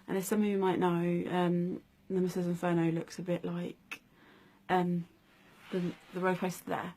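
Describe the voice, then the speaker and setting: Soft, hesitant woman in her twenties. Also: lowish voice, little pitch movement, normal speed, slight background noise. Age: 20s. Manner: hesitant, many ums, soft-spoken. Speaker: vlogger. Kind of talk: personal story vlog.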